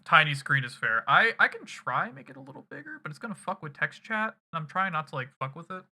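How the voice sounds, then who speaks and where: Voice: mid-range voice, sing-song, fast, bright, forceful tone. A streamer recapping a game to chat in a loose, rambling, casual way with some swearing.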